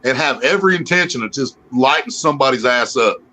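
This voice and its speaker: Laid-back man streamer, loose and profane, bright tone. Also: medium pitch, animated, fast talker. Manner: laid-back, swears freely. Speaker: live streamer. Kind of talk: casual chat.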